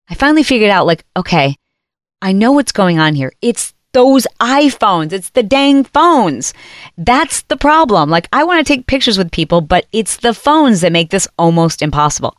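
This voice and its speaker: A woman hosting a talk show, telling a story in a casual monologue and acting out other people's lines in quick put-on voices. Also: medium pitch, no room sound. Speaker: podcast host.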